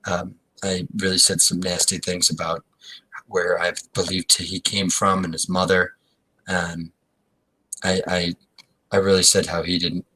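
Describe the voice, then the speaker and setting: Bright-voiced man rambling in improv. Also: low-pitched, flat delivery, breathy edge, rough recording. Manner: rambling, halting speech full of restarts. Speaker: improv performer. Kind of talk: improvised comedy scene. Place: small theater stage.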